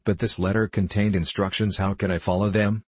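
A man's voice: on the low side, level tone, a little fast, no echo, lightly acted. A man reading an audiobook voices an anxious old nobleman who tutors a boy, with fretful, agitated pleading.

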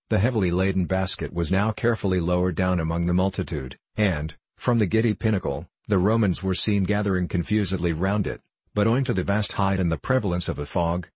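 A man reading classic fiction aloud as an audiobook, in a measured, formal storytelling manner. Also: low voice, slightly rough, dry recording. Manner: measured, formal storytelling with archaic dialogue read in the same voice. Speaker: audiobook reader. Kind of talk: scripted narration of classic fiction.

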